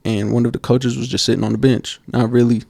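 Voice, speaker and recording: A man co-hosting a basketball podcast, telling coaching stories in a casual, animated way and acting out quotes. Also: mid-range voice, fast talker, vocal fry, dry recording. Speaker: podcast co-host. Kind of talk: casual storytelling chat.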